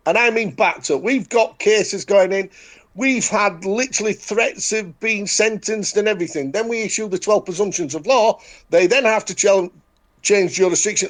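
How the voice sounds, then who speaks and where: A man with a Yorkshire accent makes blunt, repeated declarations in casual chat, emphatic and repetitive. His voice is high and fairly bright, at a normal speed.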